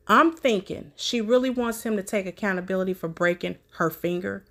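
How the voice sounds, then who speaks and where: A woman hosting a commentary video, talking slowly and chattily to her viewers. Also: medium pitch, a bit bright. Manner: slow, drawn-out, chatty. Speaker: commentary channel host.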